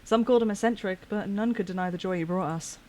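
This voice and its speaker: A woman's voice: medium pitch, quick pace, warm tone, slight background noise, close to an everyday voice. A woman reading as a chatty reminiscing workman. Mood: fond. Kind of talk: reading game dialogue aloud.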